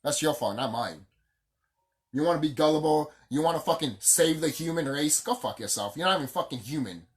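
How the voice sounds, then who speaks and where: Profane vlogger ranting with swinging pitch. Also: animated, brisk. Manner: profane, heated and emphatic, repeats phrases for stress. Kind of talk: casual unscripted rant.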